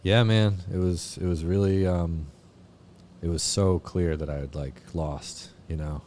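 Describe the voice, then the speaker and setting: A man from Vermont, a podcast guest, telling his recovery story in a halting way with lots of fillers and swearing. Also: low voice, steady tone, a little mellow, slight background noise. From Vermont, USA. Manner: halting, many fillers and restarts, frequent swearing. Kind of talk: candid personal recovery story.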